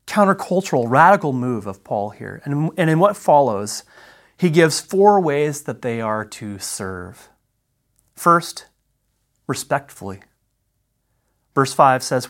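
A man giving an expository Bible lesson in a measured, emphatic way, pausing between phrases and reading verses aloud. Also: mid-range voice. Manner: reads scripture verses aloud. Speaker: Bible teacher.

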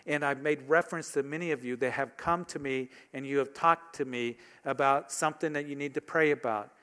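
A man preaching a sermon as pastor, talking conversationally and asking his congregation rhetorical questions. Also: fairly high pitch.

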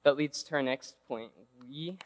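A man's voice: mid-range voice, a little slow, a little hiss or hum. A man giving a casual, conversational sermon who keeps checking in with his listeners by asking "right?". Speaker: preacher. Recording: long reverb of a large hall.

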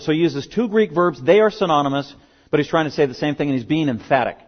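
A man's voice: a little high, quick pace. A male pastor preaching a sermon, emphatic and driving points home through repetition. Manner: emphatic, repeats key words for stress. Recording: dull lo-fi sermon recording.

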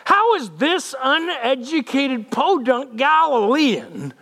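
Sneering, stuck-up old-world religious elites as a man preaching puts them on scoff at an outsider in a high, thin, strained voice. The words stretch out slowly and mockingly. The voice sounds pinched and set apart from the speaker's normal tone. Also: big pitch swings, vocal fry, bright, forceful tone, exaggerated voice.

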